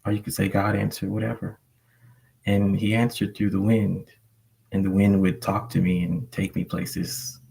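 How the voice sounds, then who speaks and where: A man's voice: low-pitched, gravelly, a little mellow. A man sharing a personal story earnestly on a panel, rambling with many fillers. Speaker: panel guest.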